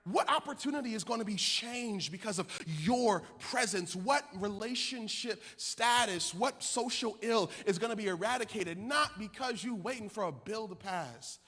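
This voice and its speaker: A high, bright-voiced man preaching with animated energy, his lines rising into shouted, sung cadences. He speaks from a stage in a large hall, and the long reverb trails after each phrase. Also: normal speed, hardly any pauses. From Milwaukee. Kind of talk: sermon-style keynote speech.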